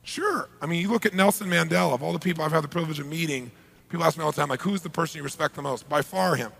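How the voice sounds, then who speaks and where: Gravelly, bright-voiced seminar speaker in a hall. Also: male voice, on the high side, very fast, a little hiss or hum. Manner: energetic, asks the audience questions. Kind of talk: live seminar talk. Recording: live hall reverb.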